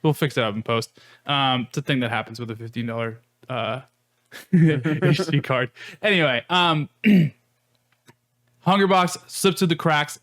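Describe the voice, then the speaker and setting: A man's voice: medium pitch, a bit bright. A man co-hosting a podcast, telling a rambling story with many fillers in casual chat. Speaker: podcast co-host.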